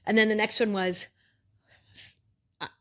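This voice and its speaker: A middle-aged woman co-hosting a podcast, telling stories about her energy work in a lively, casual way, acting out what she and her clients said and swearing now and then. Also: mid-range voice, unhurried. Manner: animated storytelling, quotes herself and clients, swears casually. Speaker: podcast co-host and energy worker. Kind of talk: casual conversation.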